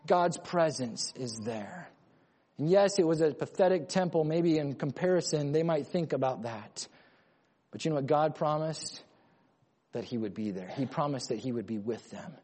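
A man preaching an emphatic sermon, rising to urgent loud lines and then dropping to quiet ones. His voice sits high for a man. A long reverb from a large hall trails every phrase. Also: animated, normal speed, husky. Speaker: pastor.

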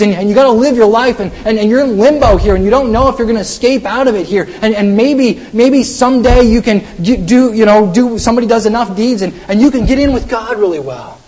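A man's voice: high voice, husky, poor audio. A man preaching a sermon, emphatic and repetitive, stumbling over restarts as he presses his points.

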